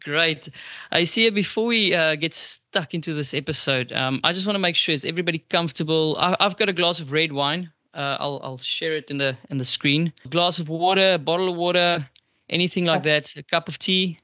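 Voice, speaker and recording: Bright South African man hosting. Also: on the high side, a little fast, no room sound. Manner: chatty, stumbling over words. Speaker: podcast host. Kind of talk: casual hosted chat. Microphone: video call. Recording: muffled video call audio.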